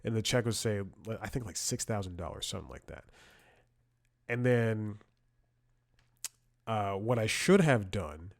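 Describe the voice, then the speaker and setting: Man, comedy podcast host, lowish voice, rambling storyteller, sarcastic asides, dry close sound. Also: animated, a little slow, long pauses, dry recording. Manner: rambling storytelling with frequent restarts and laughs. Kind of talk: casual comedic monologue.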